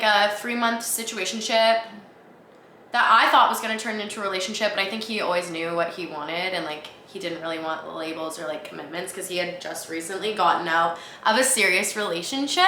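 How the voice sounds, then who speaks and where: A young woman from Canada tells a story as a podcast host, chatty and self-mocking, leaning on "like" constantly. Her voice is bright and forceful. The recording is roomy and echoey, with a faint hiss behind her. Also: mid-range voice. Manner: chatty, oversharing, heavy "like" filler, self-mocking. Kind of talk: casual storytelling monologue. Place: apartment room. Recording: echoey room.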